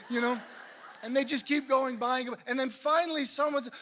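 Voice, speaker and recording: A man, a Catholic priest, giving a humorous conference talk to women, telling animated stories and acting out the lines of the people in them. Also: extremely high pitch, brisk, a little hiss or hum. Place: conference hall.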